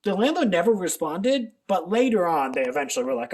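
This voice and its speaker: A man's voice: on the high side, fast talker, hardly any pauses. A man chatting casually in a rambling vlog, laughing often as he talks. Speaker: channel host. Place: at home.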